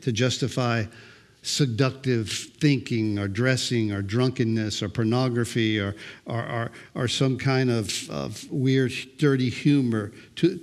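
A man's voice: medium pitch, measured pace. An older man preaching a sermon as pastor, talking in a loose conversational way and often repeating words as he goes.

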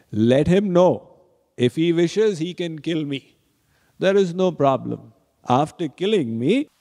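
A man's voice: sits high, warm tone, voice pushed up, heavily acted. A man doing a crafty, devoted old-world boatman. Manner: slow, pleading, playfully bargaining. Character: shrewd humble male boatman, devoted and bargaining. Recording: reverberant hall.

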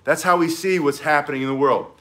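Fired-up self defense teacher guy, bit higher voice, walks you through moves. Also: fast, fairly bright tone. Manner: intense, emphatic, talks while demonstrating moves. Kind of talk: demonstration lesson.

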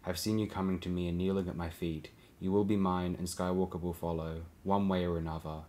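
A man reading an audiobook, voicing the calm, menacing voice of an old mad Jedi that speaks into a woman's mind. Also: low voice, a little fast, lightly acted. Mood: placid. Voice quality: placid, hypnotic, repeating.

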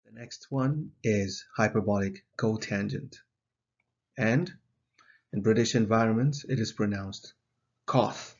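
A man teaching a video lesson, explaining in a measured way with an occasional filler, on a dull lo-fi recording. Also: fairly low pitch, darkish tone. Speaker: math teacher.

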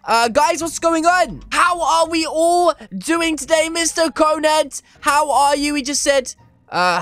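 A man hosts a lively gameplay video in a high-pitched, excitable voice, reading the chat aloud and using "flipping" instead of swearing. The sound is dry and close. Faint music plays behind him. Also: moderate pace, no room sound. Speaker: gaming channel host. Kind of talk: energetic gameplay commentary.

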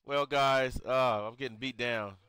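A young man, giving excited play-by-play commentary on a game he is playing and talking to his viewers. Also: medium pitch, a little slow, clear, resonant tone, dry recording. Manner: excitable, reactive, talks to viewers. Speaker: gaming YouTuber. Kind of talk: live gameplay commentary.

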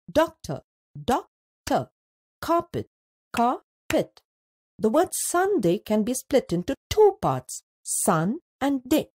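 Lady teacher voiceover, slow and sing-songy, kinda husky soft tone, drags words out syllable by syllable. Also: medium pitch. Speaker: teacher narrator. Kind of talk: scripted educational narration.

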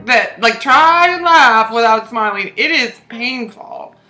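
A woman's voice: a little high, animated, slow, sharp tone, faint music behind, poor audio. A woman vlogger in casual chat, playful, giggly and teasing.

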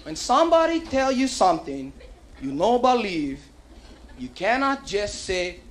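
This live club recording on vinyl, complete with hiss and audience laughter, captures a man doing stand-up with a Hawaiian Pidgin accent on a comedy club stage. His voice sits high and unhurried as he works the crowd playfully and animatedly, using put-on voices.

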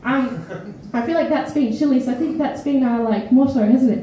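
Tired Australian woman poet, high voice, frank stage banter, echoey mic from far off. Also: normal speed, slight background noise. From Perth, Australia. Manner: animated, frank, swears often, laughs mid-sentence. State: tired and phlegmy. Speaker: feature poet. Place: small indoor studio venue with live audience.

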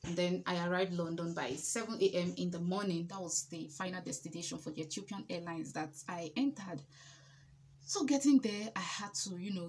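Animated Nigerian woman telling a story. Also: lowish voice, slight background noise. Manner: emphatic, animated, repeats herself for effect. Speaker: vlogger. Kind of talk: casual storytelling.

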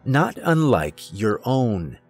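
A man doing a soft-spoken, sinister old stranger. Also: medium pitch, sing-song, slow, breathy edge, faint music behind, full character voice. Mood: mocking. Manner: polite, formal, quietly mocking.

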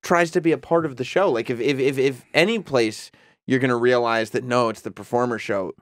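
A man's voice: mid-range voice, a little fast, no echo, studio quality. A man hosting a casual talk show, chatty and inquisitive, introducing a guest. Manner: chatty, inquisitive, easy laughter. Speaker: host.

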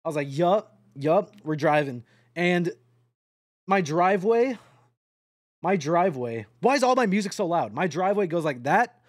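Young streamer guy, lively up-and-down voice, rambly and swears a lot, dry close mic. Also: sits high, moderate pace, dry recording. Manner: rambling, joking, swearing, talks to chat. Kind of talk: casual live-stream chatter while playing a trucking game.

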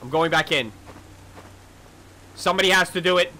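A young man hosting a let's play, talking excitedly, often shouting and laughing. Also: a little high, moderate pace, a little hiss or hum. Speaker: gaming video host. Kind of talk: casual let's play commentary.

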